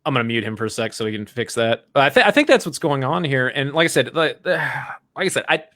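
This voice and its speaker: A man hosting a podcast in casual chat, blunt and animated, who swears freely. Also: mid-range voice, fast talker, no echo. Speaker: podcast host.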